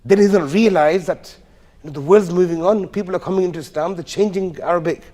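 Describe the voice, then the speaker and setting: A man's voice: high-pitched, quick pace, warm tone. A man with a slightly raised voice tells a lesson story in a chatty, informal way, often tossing questions back to his class. The sound carries a long reverb from the mosque hall, and he drops into slang asides as he talks. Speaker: tajweed teacher.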